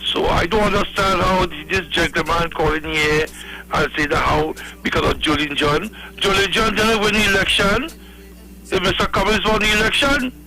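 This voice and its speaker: A man's voice: high-pitched, normal speed, rough recording. A man with a Trinidadian accent calling in to a radio show, lecturing another caller and stammering. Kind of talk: call-in radio talk.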